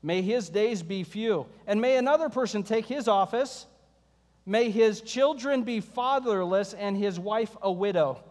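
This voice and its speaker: A pastor with a high-sitting voice preaches a sermon a little slowly, his sound filling a big room. He's conversational and animated, mixing scripture readings with sarcasm and humor.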